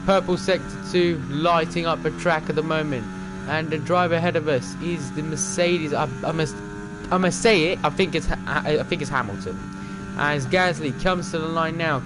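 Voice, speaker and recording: A young man streaming a racing game live, talking to the other drivers and calling his own laps in excited commentary. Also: fairly high pitch.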